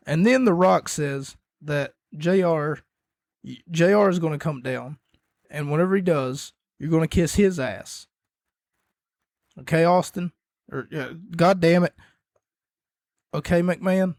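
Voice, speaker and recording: A man with a somewhat high voice talks through a wrestling recap in a loose, rambling podcast style. He keeps correcting himself and coughs between points. The sound is dry and close, with no room around it. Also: measured pace, pauses often, darkish tone, no echo. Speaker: podcast host.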